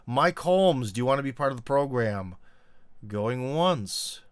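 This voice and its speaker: A man's voice: medium pitch, unhurried, clean tone. A man hosting a casual live-stream chat, rambling with lots of fillers and joking asides. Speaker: host.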